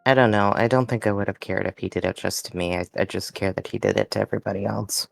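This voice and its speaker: A tabletop player speaking in character, hesitant and halting, often repeating words. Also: low voice, vocal fry, soft background music.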